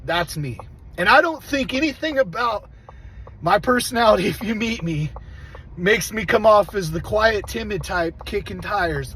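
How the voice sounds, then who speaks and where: A man telling a story in a casual, blunt rant, swearing constantly and growing animated as he talks. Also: sits high, moderate pace, husky, poor audio. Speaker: vlogger.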